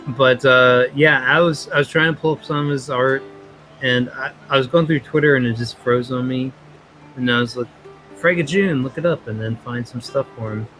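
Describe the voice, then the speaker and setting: A man's voice: medium pitch, moderate pace, sharp tone, poor audio. A man hosting a livestream, chatting casually and rambling with friends, faint music behind. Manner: rambling, laid-back. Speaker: livestream host. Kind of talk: casual group chat.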